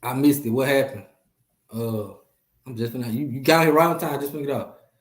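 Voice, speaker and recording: A man's voice: mid-range voice, fairly quick, roomy sound. A man hosting a casual livestream chat, talking animatedly and repeating himself as he addresses viewers. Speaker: host.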